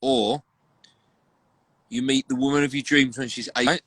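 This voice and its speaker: A man's voice: mid-range voice, level tone, a bit bright, slightly rough, dry recording. A man, a host chatting on a live video stream, telling jokey anecdotes and posing would-you-rather questions. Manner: jokey storyteller, brisk anecdotes. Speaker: radio host. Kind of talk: casual live-stream chat. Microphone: online live video call.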